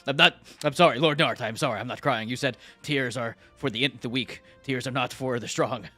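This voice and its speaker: A man's voice: medium pitch, brisk, pushed and bright, faint music behind. A man voicing a proud penguin warrior who talks formally and overdramatically.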